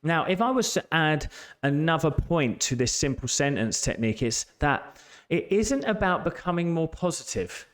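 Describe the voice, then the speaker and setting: Male life coach, a bit high-pitched, emphatic and earnest motivational delivery. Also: big pitch swings, normal speed. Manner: earnest, emphatic, repeats key phrases. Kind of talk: motivational talk to camera.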